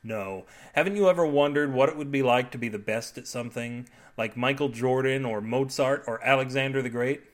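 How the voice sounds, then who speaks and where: A man voicing a giddy, manic middle-aged husband obsessed with mustard, often shouting in an audio fiction reading. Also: medium pitch, brisk, hardly any pauses, natural voice. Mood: earnest.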